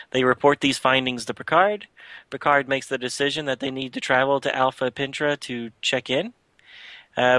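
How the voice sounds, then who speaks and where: A man's voice: medium pitch, sharp tone, no room sound. A man hosting a podcast, casually retelling a comic book story with lots of filler words. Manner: chatty, loose retelling with frequent filler words. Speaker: podcast host.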